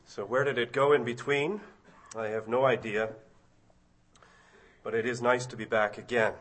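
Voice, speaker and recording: A middle-aged man giving a sermon as a visiting preacher, reading scripture aloud and slowing down to stress key words. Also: medium pitch, steady tone, fairly bright tone. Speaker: guest preacher.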